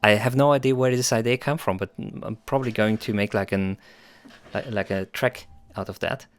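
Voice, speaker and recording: A man's voice: lowish voice, moderate pace, a little hiss or hum. A man hosting a music production livestream, chatting playfully with viewers in a rambling way. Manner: playful, rambling, chuckles often. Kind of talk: casual livestream chat with viewers.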